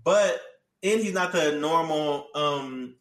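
A man's voice: a little high, takes it slowly, fairly bright tone. A man casually recapping an anime plot in a rambling, slangy way full of filler words. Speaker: anime reviewer. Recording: echoey room, distant mic.

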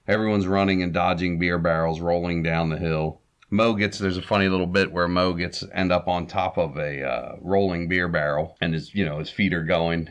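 Deep-voiced man casually recapping. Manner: chuckles often, relaxed with fillers. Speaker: podcast host. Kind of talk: casual recap of an old comedy short.

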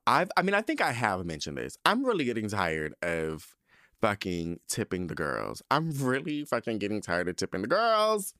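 A man's voice: on the low side, wildly swooping pitch, moderate pace, pushed and bright, no room sound, studio quality. A man hosting a podcast, ranting in a casual, sassy and profane way with lots of emphasis. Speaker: podcast host.

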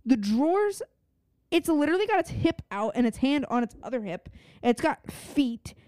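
A young woman with a high voice co-hosts a podcast in loose, chatty talk. She rambles with enthusiasm, filling her sentences with "like." She is recorded dry and close to the mic. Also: sing-song, normal speed, mellow, dry recording. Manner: chatty, full of "like" fillers, enthusiastic. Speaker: podcast co-host. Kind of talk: casual chat.

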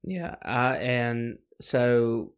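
A man's voice: medium pitch, extremely slow, clean tone. A man co-hosting a podcast in casual, rambling chat with many fillers. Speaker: podcast co-host.

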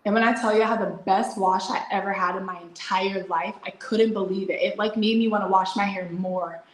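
A woman's voice: medium pitch, a little fast. Young woman chatting away, lots of "like"s, roomy echo on her voice. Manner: chatty, animated, frequent "like" fillers and laughs. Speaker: interview guest, entrepreneur. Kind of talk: casual storytelling interview. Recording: echoey room.

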